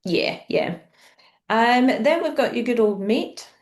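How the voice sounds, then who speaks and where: A woman's voice: on the high side, expressive, takes it slowly. A woman from Scotland with a Scottish accent, a guest in a casual podcast chat, asking questions and laughing easily.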